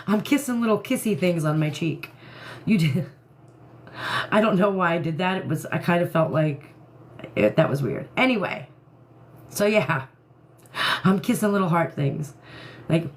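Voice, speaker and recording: A woman talks to her live-stream viewers from home in a loose, chatty way. She goes off on animated rants, speaking straight into a phone, and laughs between thoughts. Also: lowish voice. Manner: ranting, animated, laughs often. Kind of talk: casual live-stream chat.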